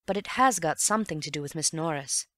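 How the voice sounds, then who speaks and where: A woman reading an audiobook and voicing a calm, wry gentleman amateur detective who reasons in an unhurried, teasing way. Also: sits low, dry recording, clean studio sound. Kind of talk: audiobook character voice.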